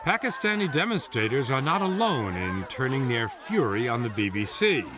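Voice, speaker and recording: A man narrating a television news feature in a measured, expressive scripted read with wry asides. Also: mid-range voice, crowd noise.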